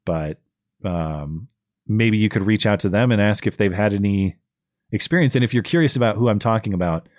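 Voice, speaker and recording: A man's voice: on the low side, expressive, moderate pace, no room sound, clean studio sound. A man hosting a call-in show, chatting casually and rambling with plenty of fillers and restarts. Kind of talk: casual chat.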